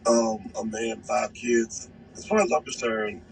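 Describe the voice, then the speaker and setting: A man's voice: lowish voice, unhurried, gravelly, slightly rough, soft background music, rough recording. A man chatting casually, playful and laughing, then turning earnest. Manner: playful, laughing, swinging between earnest and silly. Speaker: guest speaking in a played clip. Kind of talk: casual conversation.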